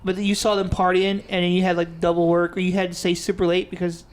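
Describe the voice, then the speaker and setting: A man's voice: high-pitched, little pitch movement, quick pace, smooth. A man co-hosting a podcast in casual chat, rambling through stories and laughing often. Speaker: podcast co-host. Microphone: studio mic under bright lights.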